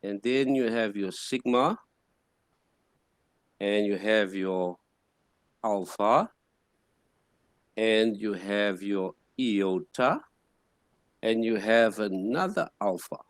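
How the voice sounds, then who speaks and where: A man teaches a class at an unhurried pace. He explains patiently, restarting his sentences as he works through each point. His voice is mid-pitched, and the sound is dry and close. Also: no echo. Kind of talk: classroom lecture.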